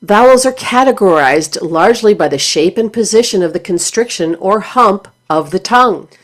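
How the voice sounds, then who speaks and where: A woman voice teacher giving scripted instructional narration in a clear, measured, explanatory way. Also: mid-range voice, expressive.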